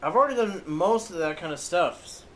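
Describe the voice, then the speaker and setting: A man chatting casually with his stream while he plays, thanking viewers and circling back over his own phrases. His voice sits high and swoops lively up and down. Faint game ambience hums behind him. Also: moderate pace, a little hiss or hum, low-quality recording. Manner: chatty, reads and answers chat, repeats phrases; puts on a playful accent for fun. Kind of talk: casual chat while playing.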